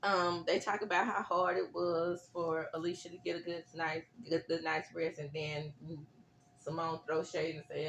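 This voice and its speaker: A woman hosting a casual reality TV recap, blunt and sassy, with animated reactions. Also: sits low, moderate pace, a little hiss or hum.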